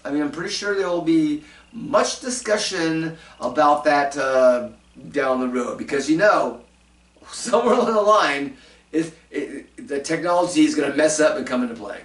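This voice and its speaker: A man's voice: fairly high pitch, expressive, normal speed, roomy sound, recorded from a distance. A man hosting a casual talk show, rambling through his commentary with lots of fillers and restarts. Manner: rambling, many fillers and restarts, chuckling asides. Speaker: show host doing commentary segments.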